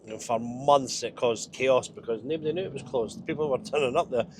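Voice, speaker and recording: A Scottish man talks from his truck cab with a stuffy, nasal voice from a cold. He chats in a wry, self-mocking way at an ordinary middle pitch. A faint engine hum sits behind him. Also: fairly quick, darkish tone. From Scotland. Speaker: truck driver vlogger. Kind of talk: casual driving vlog.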